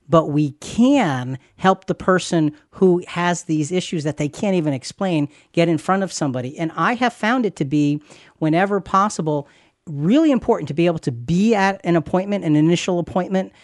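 A man's voice: a little high, animated, moderate pace, no echo, studio quality. A man who is a pastor and podcast host, talking earnestly and reassuringly about faith, repeating phrases for emphasis. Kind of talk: conversational Christian podcast teaching.

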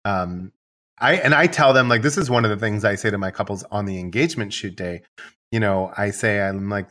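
A man's voice: fairly low pitch, moderate pace. A man, a wedding photographer, chatting casually and rambling through stories, acting out what he tells his couples. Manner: relaxed, rambling storyteller who acts out his own dialogue. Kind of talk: casual podcast conversation.

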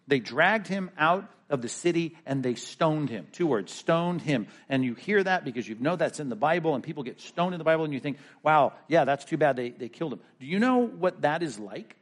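A man, a pastor, preaching a sermon with animated storytelling. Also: fairly high pitch, brisk, few pauses.

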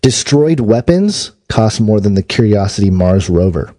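A man's voice: on the low side, expressive, measured pace, mellow. A man co-hosting a talk show, reading news items in a dry, matter-of-fact way. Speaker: podcast co-host.

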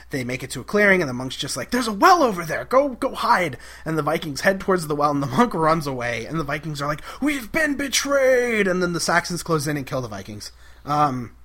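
Bright, high-ish man gushing about an episode. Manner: enthusiastic, giggly, lots of fillers. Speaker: podcast co-host. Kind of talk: casual chat recapping an episode.

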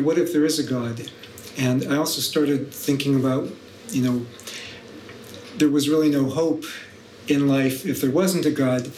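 A man's voice: mid-range voice, darkish tone, roomy sound, slight background noise, low-quality recording. A middle-aged man, a guest professor, recounting his story thoughtfully with dry humour. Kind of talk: podcast interview.

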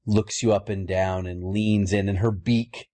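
Low-voiced guy running a tabletop game, slow, lots of ums and restarts. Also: fairly even intonation, warm tone. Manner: hesitant, many restarts and fillers. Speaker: game master.

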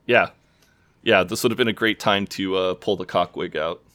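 A man's voice: low-pitched, normal speed, a bit bright, no room sound. A man co-hosting a casual podcast, recapping a TV episode and briefly acting out the characters' lines. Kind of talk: casual chat.

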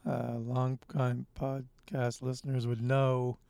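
A man's voice: mid-range voice, monotone, takes it slowly, creaky, dark tone. Wry comedian guest, man. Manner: dry, wry quips. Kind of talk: casual chat. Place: parked car. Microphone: handheld mic.

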